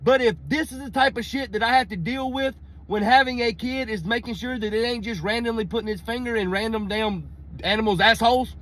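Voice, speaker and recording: A young man from Mississippi with a Southern accent, telling a profane, animated comedy story in Southern slang. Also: very high-pitched, brisk.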